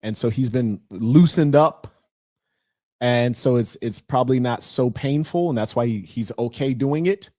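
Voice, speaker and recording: A middle-aged man hosting a relationship advice livestream, talking candidly and telling stories with loud, animated outbursts. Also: medium pitch, unhurried, no echo, clean studio sound. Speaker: host of a relationship advice show. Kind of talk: casual livestream talk reading viewer messages.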